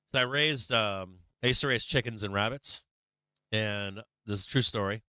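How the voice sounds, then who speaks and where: Crisp, forceful low-voiced male streamer. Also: moderate pace, dry recording. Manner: rambling and profane, answers chat. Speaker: livestream host. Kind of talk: casual livestream chat.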